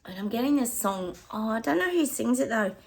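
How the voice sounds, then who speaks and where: A middle-aged woman with an Australian accent, a psychic giving a chatty reading to her viewers, often pausing to say hang on and laughing. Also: a little high, expressive, vocal fry. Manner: laughs often and hums snatches of songs.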